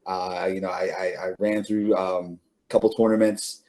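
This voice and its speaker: Man, middle-aged, low voice, casual storytelling, rambling, fillers and restarts, laughs while telling. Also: flat delivery, moderate pace, a little mellow. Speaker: interview guest.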